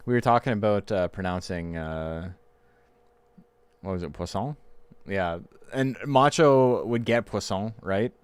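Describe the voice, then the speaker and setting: A man's voice: fairly low pitch, measured pace, long pauses, clean tone, dry recording. A man, chatting loosely and swearing casually while commentating a game tournament on a stream. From Canada. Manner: loose and profane, laughing often.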